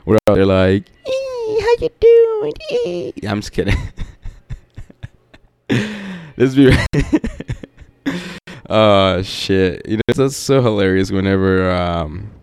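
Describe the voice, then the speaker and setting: A man's voice: on the low side, animated, slow pace, long pauses, darkish tone, smooth, no room sound. A young man hosting a podcast, telling a rambling story in a laid-back, profane way with lots of fillers. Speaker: podcast host.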